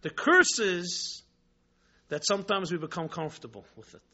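High, bright-voiced man teaching emphatically. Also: moderate pace. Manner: animated, emphatic, rhetorical. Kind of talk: religious class with storytelling. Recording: dull lo-fi recording.

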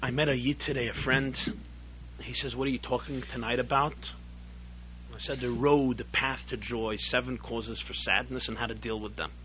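A man teaching a Torah class as a rabbi, telling a story in an animated way that swells to emphatic peaks. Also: medium pitch, moderate pace. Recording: dull lo-fi recording with faint hum.

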